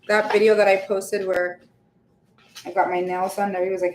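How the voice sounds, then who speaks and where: A woman's voice: medium pitch, flat delivery, brisk, slight background noise. Chatty woman baking in an echoey kitchen. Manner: chatty, laughs often, trails off with fillers. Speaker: vlogger baking on a livestream. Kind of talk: casual chat while baking. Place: home kitchen. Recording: echoey kitchen with faint ambience.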